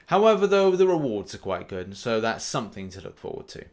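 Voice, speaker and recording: A young man hosting a mobile game news show, talking in a chatty, animated way with plenty of fillers and restarts. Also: fairly low pitch, fairly quick. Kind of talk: casual gaming news commentary.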